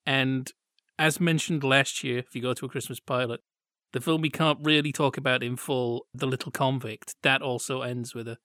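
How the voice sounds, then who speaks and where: A man's voice: medium pitch, a bit bright, dry recording, studio quality. A man co-hosting a podcast, chatting and joking about old children's TV and acting out quotes. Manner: chatty, jokey, acts out quotes. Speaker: podcast co-host. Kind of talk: casual chat reviewing old TV.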